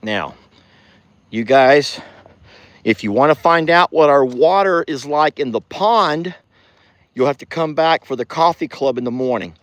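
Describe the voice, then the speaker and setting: A man's voice: on the high side, expressive, measured pace, pauses often, no room sound. A man with a Southern US accent, chatting folksily to viewers in a casual outdoor ranch vlog. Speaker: ranch vlogger. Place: outdoors on a farm pasture.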